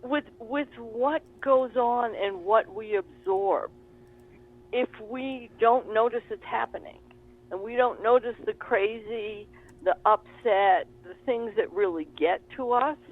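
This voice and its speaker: A woman telling a story in casual conversation, animated and laughing as she talks. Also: on the high side, slow. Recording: tinny phone line.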